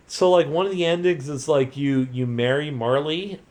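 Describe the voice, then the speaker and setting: A man's voice: on the high side, moderate pace, a little mellow. Drunk man rambling through a story. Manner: loose, profane, full of "like" and restarts. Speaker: host retelling a video game plot.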